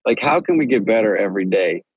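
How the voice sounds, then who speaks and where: A man's voice: on the low side, animated, fast, breathy edge, no room sound. A man, an orthopedic surgeon answering interview questions in an earnest, rambling way with frequent restarts. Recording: dry, dull lo-fi sound.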